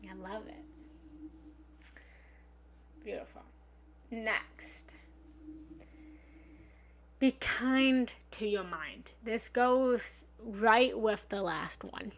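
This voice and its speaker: A woman with a mid-range, somewhat bright voice hosts a self-help live stream as a spiritual love coach. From her home office and meditation room she speaks earnestly and frankly, repeating affirmations, encouraging her audience, and swearing on occasion.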